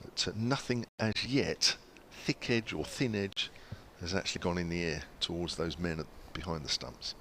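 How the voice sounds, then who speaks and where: A man giving relaxed ball-by-ball cricket commentary, chatty and full of small fillers. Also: low voice, moderate pace, few pauses, slight background noise.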